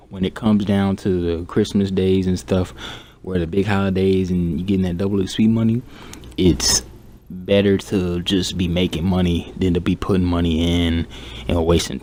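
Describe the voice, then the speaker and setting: A young man with a low, deep voice talks in a flat, monotone way, keeping it quiet and subdued. He rambles casually through gaming advice with plenty of fillers. A faint hiss sits under the recording. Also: measured pace. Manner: laid-back, rambling with many fillers. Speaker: gaming YouTuber.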